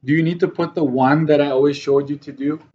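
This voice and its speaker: A man's voice: a little high, fairly even intonation, a little fast. Man, math teacher, classroom lesson, keeps asking "right?", dull lo-fi sound. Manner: checks in often with students.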